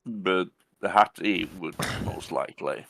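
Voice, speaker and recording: Brief: male player, very slow and gravelly, low voice, dry teasing humor. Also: fairly bright tone. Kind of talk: casual tabletop role-play.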